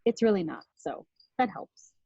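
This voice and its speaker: A woman tells a story from her own life as a talk, candid and quick to laugh, swearing freely. Her voice is warm and mellow, mid-pitched. It is recorded dry, with a slightly dull lo-fi sound. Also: lively intonation, creaky, slightly rough, no room sound. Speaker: podcast host and speaker.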